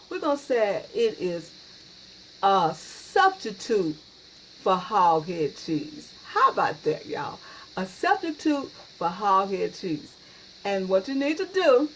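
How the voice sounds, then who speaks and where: A woman's voice: mid-range voice, slight background noise, poor audio. A woman hosting a casual home cooking video in her kitchen, folksy and chatty, often saying "y'all.". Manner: folksy, repeats "y'all" and "yes, indeed". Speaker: cooking channel host.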